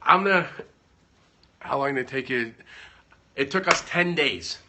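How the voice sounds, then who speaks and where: Expressive and unhurried, this mid-range male voice comes over a noisy background. He's giving business advice on a home livestream, rambling and cracking jokes while cutting himself off.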